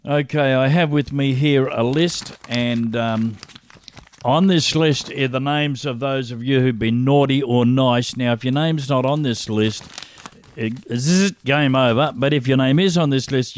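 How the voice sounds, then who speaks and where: A man hosting a relaxed radio show, his voice at an ordinary middle pitch. He jokes and teases his callers and often breaks into laughter. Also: unhurried. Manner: jokey, teasing, laughs often. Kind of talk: casual radio chat.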